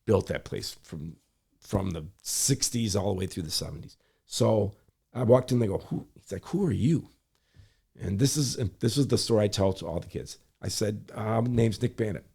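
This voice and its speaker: A middle-aged public servant from Michigan tells a story in conversation, acting out other people's lines and quickly correcting himself mid-sentence. His fairly low voice is expressive, gravelly, and warm, with a breathy edge.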